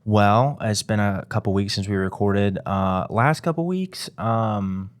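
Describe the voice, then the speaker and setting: A man's voice: fairly low pitch, a little slow. A man co-hosting a dog training podcast, chatting casually and rambling with lots of fillers. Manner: relaxed, rambling with many fillers. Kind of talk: casual chat.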